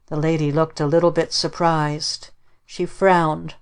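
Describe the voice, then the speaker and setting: A woman narrating an audiobook of old-fashioned stories in a plain, gentle storytelling way. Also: sits low, flat delivery, unhurried.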